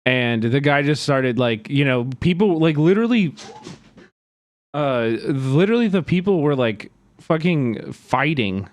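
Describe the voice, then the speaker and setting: A man on a live stream, his voice a little higher than most men's and dry and close to the mic. He talks casually with plenty of fillers, swears often, and gets worked up as he rambles on. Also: very animated, measured pace, dry recording. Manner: agitated, profane, rambling with many fillers.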